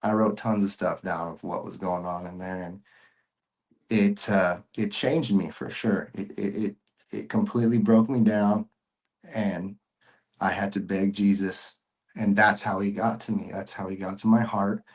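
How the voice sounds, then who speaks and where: A man's voice: fairly low pitch, fairly even intonation, measured pace. A man sharing a personal faith testimony as a podcast guest, earnest and emotional, with casual slang and frequent repeats.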